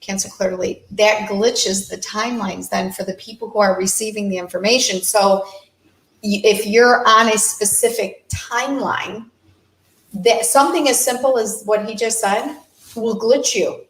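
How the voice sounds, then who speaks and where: A woman's voice: mid-range voice, unhurried, a bit bright. A woman hosting a casual talk show, chatty and agreeable, picking up her co-host's points. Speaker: host. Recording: echoey room.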